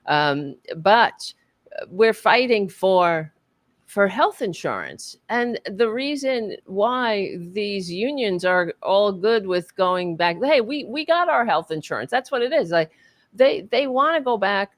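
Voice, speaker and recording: Her voice is medium-pitched and animated but slow, captured in a dry recording. She is an American book club panelist in a podcast discussion, speaking passionately and profanely and often restarting.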